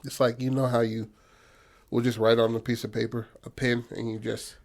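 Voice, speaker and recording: Profane, animated male storyteller. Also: medium pitch, normal speed. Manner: loose, profane retelling with acted-out quotes. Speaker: podcast co-host. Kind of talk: casual storytelling chat.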